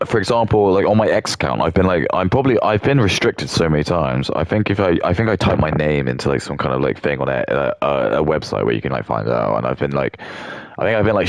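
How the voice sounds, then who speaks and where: Guy streaming a game, super deep gravelly voice, rambly and crude, dry sound. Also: animated, normal speed, no echo. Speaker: gaming streamer. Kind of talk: casual live-stream chat while gaming.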